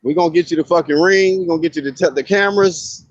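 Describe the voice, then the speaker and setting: A man's voice: fairly high pitch, fast talker, no echo, muffled recording. A man co-hosting a casual, profane chat, talking blunt and emphatic. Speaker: podcast co-host.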